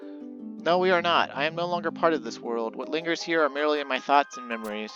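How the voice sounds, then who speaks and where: A man's voice: a little high, a little fast, highs cut off, lightly acted. A man voicing a solemn ancient male spirit who speaks in archaic, formal words, with faint game music behind.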